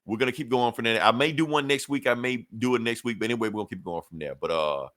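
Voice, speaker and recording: A man's voice: medium pitch, quick pace, fairly bright tone, no room sound, clean studio sound. A man on a podcast retelling a comic book story in casual chat, acting out the characters' lines and swearing and laughing as he goes. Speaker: podcast co-host.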